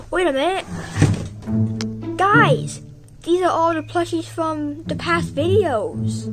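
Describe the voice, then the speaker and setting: A woman acting out a plush toy skit, voicing several characters in excitable, playful banter full of slang. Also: high voice. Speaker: plush toy video maker. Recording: music playing under the voice.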